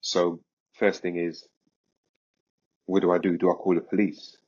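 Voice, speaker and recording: Deep husky man telling a story. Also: unhurried, lo-fi sound. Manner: vivid, animated storytelling with quoted asides. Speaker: podcast guest. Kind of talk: casual storytelling.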